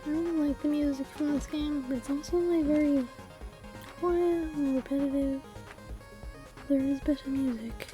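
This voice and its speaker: A woman streamer chats casually over her game on a desktop mic, playful and quick to giggle, humming along to the tune. Her voice sits high, with a soft, mellow tone rather than a bright one. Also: fairly even intonation, soft background music. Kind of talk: casual let's-play commentary. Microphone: desktop USB mic.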